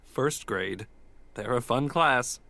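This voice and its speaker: A man's voice: medium pitch, slow, sharp tone, exaggerated voice. A man reading a friendly job applicant. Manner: clear, evenly paced, textbook delivery. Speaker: job applicant in textbook audio. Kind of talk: scripted textbook dialogue.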